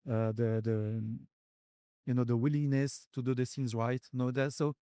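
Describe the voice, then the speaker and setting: A man with a French accent, a company founder answering interview questions at a conference in a halting way, pausing often to search for words in English. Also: medium pitch, steady tone, mellow, clean tone, no room sound, clean studio sound. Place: conference venue.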